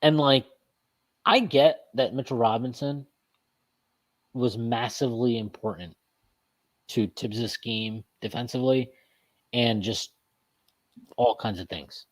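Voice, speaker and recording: A man's voice: medium pitch, slow, pauses often. Man ranting heatedly about a game. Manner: heated profane ranting, emphatic; repeats himself, restarts phrases. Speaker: sports podcast host. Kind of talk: casual postgame sports talk.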